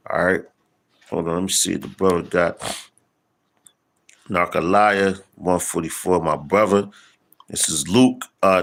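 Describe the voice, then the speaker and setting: A deep-voiced man preaches in a casual street style, slangy and profane. He pauses to read scripture verses slowly and with emphasis.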